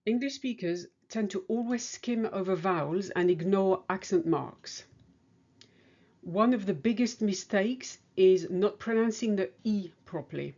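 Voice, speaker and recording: A woman giving a scripted lesson on pronunciation, modelling each sound clearly and deliberately. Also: medium pitch, mellow, highs cut off. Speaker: French teacher.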